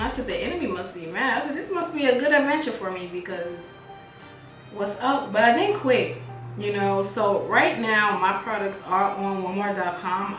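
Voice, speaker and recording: A woman talks to her viewers like friends while she does her makeup. Her chat is animated and personal. She is recorded in an echoey room with faint music playing. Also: mid-range voice. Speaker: beauty vlogger and business owner.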